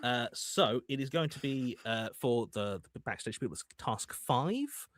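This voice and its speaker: A man hosting a live charity game show, excitable and full of stammering restarts. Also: mid-range voice, unhurried, no room sound, clean studio sound.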